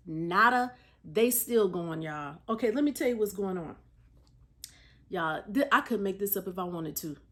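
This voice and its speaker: A woman hosting a casual solo podcast, talking straight to her listeners in a chatty, animated way and laughing between remarks. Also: fairly high pitch. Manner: chatty and animated, often addressing listeners directly; frequent fillers and restarts. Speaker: podcast host.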